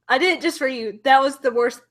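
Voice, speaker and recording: A woman's voice: sits high, fairly bright tone. A young woman with a Southern US accent, hosting a casual stream, laughing often and reading viewer comments. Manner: giggly, reads viewer comments. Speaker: host. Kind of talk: casual livestream chat.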